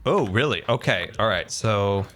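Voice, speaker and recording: Playful, animated streamer man. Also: on the low side, normal speed. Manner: playful and teasing, counts aloud, repeats himself. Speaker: streamer host. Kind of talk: casual stream chat.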